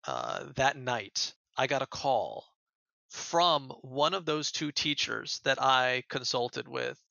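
A man's voice: mid-range voice, very animated, slow pace, gravelly, pushed and bright, no room sound, lo-fi sound. An American man who is a podcast guest, earnestly retelling events in a casual interview and often repeating words as he goes. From United States.

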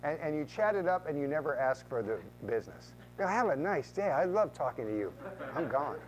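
Animated man coaching real estate agents. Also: fairly high pitch, fairly quick, highs cut off, a little hiss or hum. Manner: animated, acts out quoted voices, repeats words. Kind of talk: training talk to agents.

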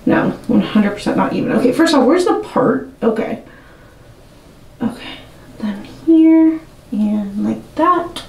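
A young woman talks to her camera in a nervous, self-mocking ramble, her voice sitting a little high. She's a step back from the mic in an echoey room at home. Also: lively intonation, a little slow, vocal fry, darkish tone. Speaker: vlogger. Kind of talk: casual talking to camera while cutting a wig. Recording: roomy and a bit distant from the mic.

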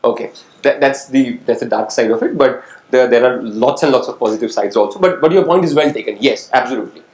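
A man's voice: medium pitch, fast, darkish tone. A man giving an interactive lecture to students as a guest speaker, quizzing the audience and often asking "right?" to check they follow. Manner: engaging, quizzes the audience and calls on people; asks "right?" to check understanding. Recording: echoey lecture hall.

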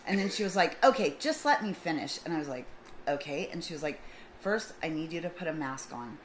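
Middle-aged woman, lowish voice, casual vlog storyteller who plays out both sides of a dialogue; faint background hiss. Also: lively intonation, fairly quick, rough recording. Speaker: vlogger.

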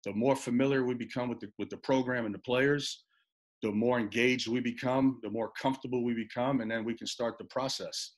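A middle-aged man, a college basketball assistant coach, telling a recruiting story with animated back-and-forth, often repeating words as he goes. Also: medium pitch, brisk. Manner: animated storyteller, repeats words, acts out both sides of phone calls.

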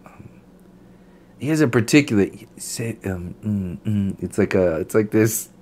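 A man's voice: lowish voice, expressive, measured pace, darkish tone, a little hiss or hum. A man ranting to his channel, blunt and profane, stumbling over fillers and restarts as he talks off the cuff. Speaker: channel host. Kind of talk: unscripted ranting commentary.

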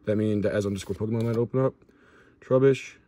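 A young man with a lowish voice hosts a pack-opening channel, talking quickly as he casually lists cards and stumbles over some names. He's excitable, shouting and whooping at big pulls.

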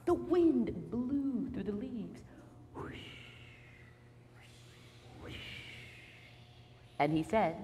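A woman telling a children's story to a live audience, playful and animated, getting the kids to join in. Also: a little high, measured pace, long pauses, long reverb tail, a little hiss or hum.

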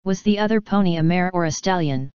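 A woman's voice: on the low side, fast talker, a little mellow, clean tone, no echo, dull audio, close to an everyday voice. Woman reading a stern pony security chief. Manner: firm, commanding.

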